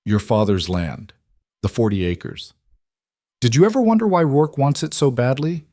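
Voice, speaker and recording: A man as a quiet, matter-of-fact rancher. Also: mid-range voice, expressive, normal speed, no room sound, studio quality, pitched above the performer's own voice, natural voice. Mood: earnest.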